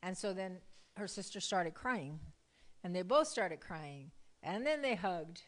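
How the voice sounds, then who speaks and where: A woman's voice: fairly low pitch, animated, measured pace. A woman casually telling a faith testimony to a group, chatty, laughing often and leaning on "you know.". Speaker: church member sharing a testimony.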